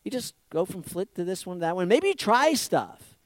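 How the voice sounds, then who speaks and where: A man preaching a conversational sermon, repeating phrases and asking the listeners questions, swinging from loud emphasis to hushed asides. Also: high voice, very animated, moderate pace, no room sound, clean studio sound. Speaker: pastor.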